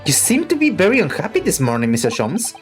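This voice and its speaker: A woman's voice: fairly low pitch, huge pitch swings, quick pace, soft background music. A woman reading the lines of a polite, earnest young male lawyer in a game, sounding puzzled.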